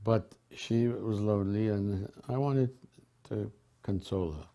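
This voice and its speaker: An older man from a Caribbean island telling personal memories in a relaxed, chatty way, laughing often and restarting his sentences. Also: on the low side, measured pace. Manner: warm storytelling with frequent laughs and restarts. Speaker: devotee sharing memories. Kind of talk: casual reminiscence.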